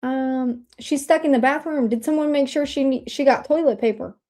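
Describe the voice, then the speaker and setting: High-pitched indiana woman on a livestream, excitable, chatting to chat. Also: moderate pace. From Indiana, USA. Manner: bubbly, excitable, talks to chat. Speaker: livestream host.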